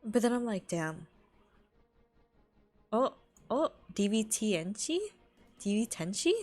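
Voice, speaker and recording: A woman's voice: medium pitch, very animated, takes it slowly, darkish tone, faint music behind. A young woman from California chatting casually on a live stream, rambling, laughing often and filling her talk with "like".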